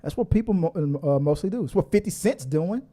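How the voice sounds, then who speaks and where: Chatty livestream host, fairly high voice. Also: male voice, animated, fairly quick, mellow. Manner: rambling, chatty, laughs a lot, with frequent restarts. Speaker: host of a movie news livestream. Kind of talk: casual livestream chat reading viewer comments.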